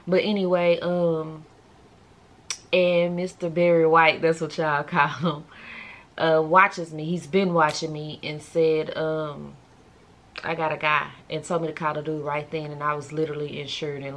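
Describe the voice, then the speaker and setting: A woman's voice: sits low, flat delivery, normal speed, fairly bright tone. A woman chatting casually to her viewers in a vlog, talking straight to camera. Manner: subdued and emotional. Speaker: vlogger.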